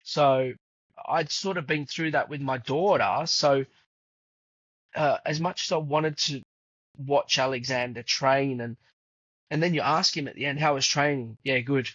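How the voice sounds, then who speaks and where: A man's voice: medium pitch, a little slow, pauses often, fairly bright tone, dry recording. A man in his fifties, a podcast guest and footballer's father, telling stories in a chatty way with many fillers. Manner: chatty, many fillers, acts out quoted dialogue. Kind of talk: casual conversational storytelling. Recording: dull lo-fi dry sound.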